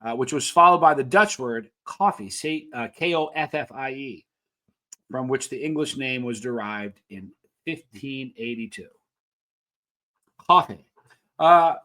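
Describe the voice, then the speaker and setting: A man's voice: mid-range voice, sharp tone. A man hosting a casual countdown show, reading facts with playful asides and questions to viewers. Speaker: channel host.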